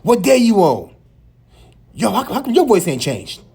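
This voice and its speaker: A man with a small, high voice hosting a reaction video, teasing and laughing as he comments. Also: wildly swooping pitch, moderate pace, a little mellow, breathy edge. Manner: high light voice.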